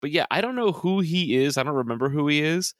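A man's voice: a little high, animated, fast talker, no room sound, studio quality. A man co-hosting a casual movie podcast, chiming in with short, laid-back replies. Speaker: podcast co-host.

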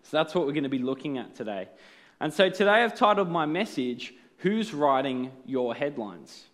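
Earnest preaching man, slightly higher voice. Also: very animated, normal speed, fairly bright tone. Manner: earnest, explanatory, rhetorical questions. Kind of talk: sermon.

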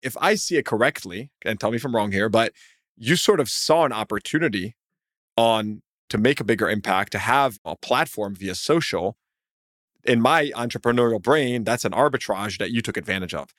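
A man's voice: medium pitch, animated, moderate pace, fairly bright tone, no echo, studio quality. A man hosting a podcast, chatting in a friendly way and giving his own guess before asking his guest. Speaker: podcast host. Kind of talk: casual interview talk.

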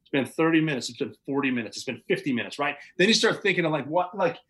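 A man's voice: fairly high pitch, animated, fast talker, a bit bright, rough recording. A man, a podcast guest, recounting events in casual, vivid, matter-of-fact storytelling with occasional chuckles.

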